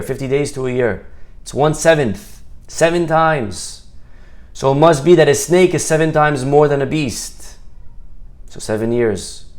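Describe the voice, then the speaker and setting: Guy telling a torah story, does the voices, drags words out for effect. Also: mid-range voice. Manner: animated storyteller, voices characters, stretches words for emphasis. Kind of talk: storytelling talk to an audience.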